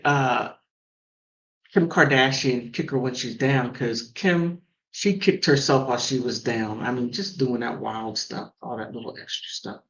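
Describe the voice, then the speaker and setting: A woman from the mountains hosting a call-in show and telling stories in a casual, animated way. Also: normal speed, muffled recording. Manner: animated storytelling with big pitch swings. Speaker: host. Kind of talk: casual chat.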